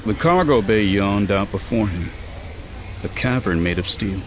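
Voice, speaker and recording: Low-voiced male audiobook narrator. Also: expressive, measured pace. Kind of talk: scripted narration.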